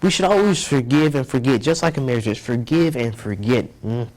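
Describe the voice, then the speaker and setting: A young man in an interview, telling his story in a rambling, earnest way. He circles back and repeats phrases as he goes, at an ordinary middle pitch. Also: normal speed, a little mellow. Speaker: guest.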